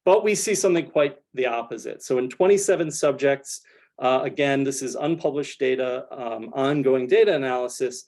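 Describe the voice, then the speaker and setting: A man giving an academic research talk over slides, explaining in a measured way with frequent "kind of" fillers. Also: mid-range voice, a little mellow.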